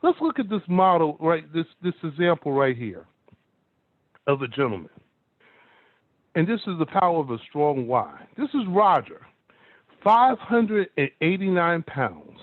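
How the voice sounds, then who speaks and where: A man's voice: on the high side, sing-song, a little slow, long pauses, dry recording. A man giving an emphatic motivational talk to an online audience, telling stories and asking "guess what" again and again. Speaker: motivational speaker. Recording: dry, narrow phone-like sound.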